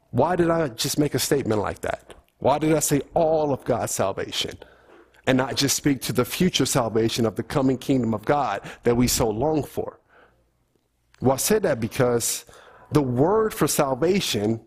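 A man's voice: a little high, expressive, normal speed, a little mellow, breathy edge. A middle-aged man preaching a teaching sermon in a church, asking the congregation questions as he goes. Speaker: pastor.

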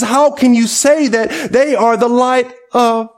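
High-voiced man preaching a sermon. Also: fairly even intonation, slow pace. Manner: conversational preaching, asks the congregation questions. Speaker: pastor.

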